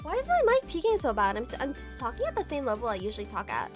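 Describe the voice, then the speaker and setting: A woman's voice: a little high, wildly swooping pitch, quick pace, soft background music. A young woman streamer telling a story in a casual, chatty way, full of "like" fillers and laughter.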